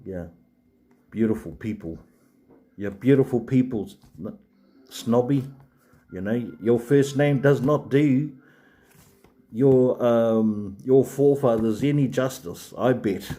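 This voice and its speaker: A man's voice: mid-range voice, slow pace, pauses often, dark tone. A man, hosting a live stream and rambling chattily to viewers with many fillers and restarts. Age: 40s.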